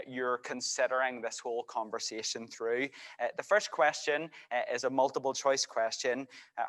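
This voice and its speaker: A man, a church worker giving an earnest, measured introduction with frequent hesitations. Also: mid-range voice, fairly bright tone. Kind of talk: introductory talk. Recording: long hall reverb.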